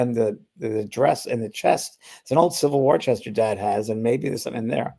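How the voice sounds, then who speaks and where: Speaking fast with few pauses, an older spiritual medium tells a long, rambling anecdote as a podcast guest. He fills it with restarts and fillers and acts out the voices he quotes. His mid-range voice is creaky and dark.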